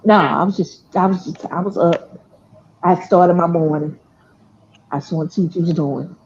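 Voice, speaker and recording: A nosy, fussy old grandmother mutters in a low, dropped voice, as a woman puts her on. The sound is dull and lo-fi. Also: normal speed, darkish tone, a little hiss or hum, lightly acted. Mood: quietly innocent. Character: fussy older grandmother, short-tempered and nosy.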